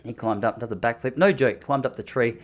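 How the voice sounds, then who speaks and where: A young adult man hosting a podcast, telling a story casually in an animated, jokey way. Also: mid-range voice, fairly quick. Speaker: podcast host.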